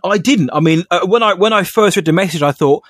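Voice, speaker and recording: A man's voice: high voice, fast talker, no echo, studio quality. A man co-hosting a podcast in casual chat, an enthusiastic fan who laughs often. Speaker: podcast co-host.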